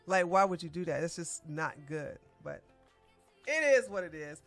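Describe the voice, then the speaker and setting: A woman's voice: lowish voice, moderate pace, a bit bright, no echo, faint music behind. A woman hosting her own channel, giving blunt, emphatic and scolding celebrity commentary.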